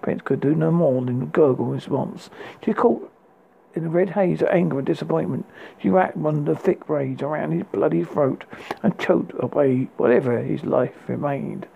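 A man reads a dark fairy tale aloud, stumbling over words and restarting lines. His voice is gravelly and husky, a little high for a man. The recording is tinny and phone-like. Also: a little hiss or hum. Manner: halting read with restarts. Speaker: audiobook narrator.

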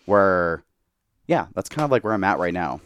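Tipsy young guy, deep smooth voice, rambling candid chat, lots of "like". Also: sing-song, moderate pace, fairly bright tone. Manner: candid, heavy use of "like". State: tipsy from tequila. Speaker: podcast guest. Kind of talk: casual chat.

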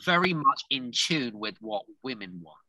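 A man's voice: medium pitch, lively intonation, moderate pace, bright, forceful tone. A man hosting a podcast interview, jokey and chatty, laughing easily. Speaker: podcast host. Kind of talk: casual interview chat.

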